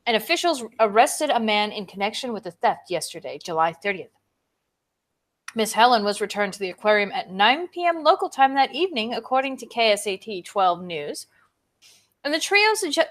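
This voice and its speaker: A woman with a fairly high voice reads a news item aloud on a casual streamed show. Her pitch leaps and dips through the sentences, and she keeps the read animated rather than flat. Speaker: co-host. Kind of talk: reading a news story aloud.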